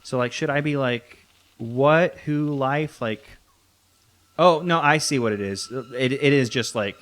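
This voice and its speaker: Slow, rambling young man playing a game. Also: mid-range voice, fairly bright tone. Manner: rambling, thinking aloud, frequent restarts and fillers. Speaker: let's play host. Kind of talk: casual gameplay commentary.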